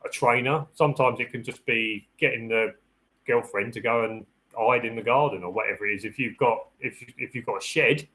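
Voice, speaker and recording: Brisk, pushed and bright, this man's mid-pitched voice comes through a rough recording as he, a security dog handler, hosts a live Q&A on dog training. His advice is loose and practical, with restarted sentences and circled-back phrases, and he acts out what the dog thinks in a raised voice.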